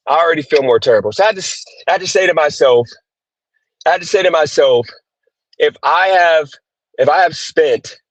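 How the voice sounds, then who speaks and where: A man's voice: fairly high pitch, no room sound. Frustrated cursing man livestreaming from the road. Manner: cursing, exasperated, repeats himself. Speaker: gig worker livestreaming. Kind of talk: frustrated live-stream rant. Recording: dull dry phone audio.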